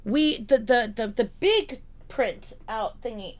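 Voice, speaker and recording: A woman's voice: fairly high pitch, takes it slowly. Profane, ranting woman streamer. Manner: profane, rambling, exasperated ranting. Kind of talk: casual livestream chat. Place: home streaming room.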